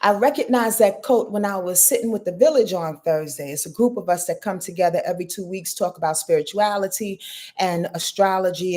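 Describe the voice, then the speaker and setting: A woman in her fifties, an astrologer hosting a live reading, talking in a rambling, heartfelt, expressive way. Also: lowish voice. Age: 50s. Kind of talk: casual live talk.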